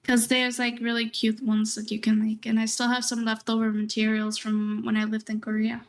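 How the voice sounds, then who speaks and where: A woman's voice: on the high side, monotone, moderate pace. Chatty young woman streamer. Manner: chatty and rambling, often laughing. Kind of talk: casual chat.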